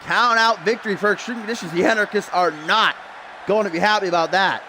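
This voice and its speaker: A man's voice: high voice, steady tone, quick pace, background noise. A young man calling a wrestling video game match as play-by-play commentator, building hype with casual asides to his stream chat.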